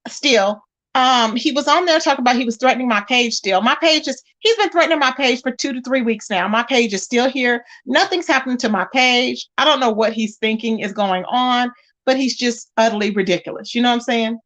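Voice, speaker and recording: A high-pitched woman hosting a gossip livestream in a casual, talkative way. She stays emphatic and greets her viewers by name between points. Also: a little fast, fairly bright tone. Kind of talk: casual live-stream chat.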